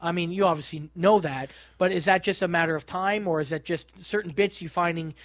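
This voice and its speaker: A man's voice: high-pitched, fairly even intonation, a little fast, fairly bright tone, no echo, clean studio sound. A man co-hosting a casual comedy podcast interview, blunt and a little profane.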